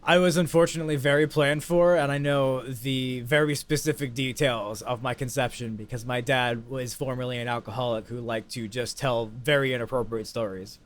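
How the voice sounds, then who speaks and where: A man co-hosting a casual podcast, telling rambling absurd stories in a deadpan way. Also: medium pitch, normal speed, hardly any pauses. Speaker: podcast co-host. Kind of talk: casual chat.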